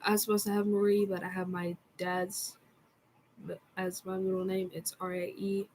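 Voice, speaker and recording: A woman telling a personal story in a casual vlog, in a soft, halting way with frequent fillers. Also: medium pitch, monotone, slight background noise, low-quality recording. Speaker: vlogger.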